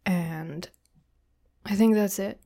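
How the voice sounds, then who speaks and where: A woman's voice: mid-range voice, takes it slowly, gravelly, crowd noise. A woman co-hosting a podcast, giving casual, encouraging advice with lots of ums. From Canada. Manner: friendly, encouraging, filler-heavy with frequent ums. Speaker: podcast co-host.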